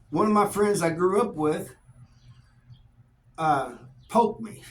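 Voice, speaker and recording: A man's voice: on the high side, low-quality recording. A middle-aged man, telling stories about his life in a folksy, laid-back way. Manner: laid-back, folksy, animated when quoting people. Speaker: YouTube storyteller. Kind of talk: casual storytelling to camera.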